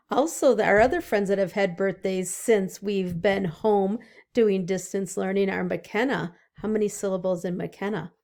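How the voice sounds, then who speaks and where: A woman teacher giving a slow, sing-song phonics lesson to young children over distance learning, drawing out each word. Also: medium pitch, creaky, darkish tone.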